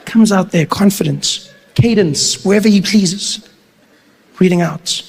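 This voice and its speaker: A man with a South African accent doing stand-up comedy, telling a story with animated bursts and mock outrage. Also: high-pitched, measured pace, vocal fry, breathy edge.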